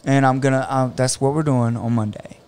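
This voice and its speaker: Male jiu-jitsu coach, casual podcast talk, smooth clear voice, animated storyteller. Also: medium pitch, fairly quick. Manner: animated storytelling, acts out other people's words.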